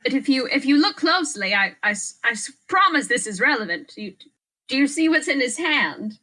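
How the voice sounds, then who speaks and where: Bright-voiced woman role-playing playfully. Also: high-pitched, very animated, a little fast, poor audio. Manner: playful, theatrical. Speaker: guest player. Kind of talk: in-character tabletop role-play.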